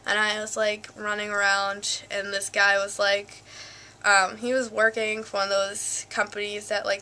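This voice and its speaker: A woman's voice: mid-range voice, bright, forceful tone. A young woman vlogging casually, rambling with lots of "like" and "um", filmed on a handheld camcorder. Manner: rambling, full of fillers and "like". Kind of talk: casual chat. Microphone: flip cam.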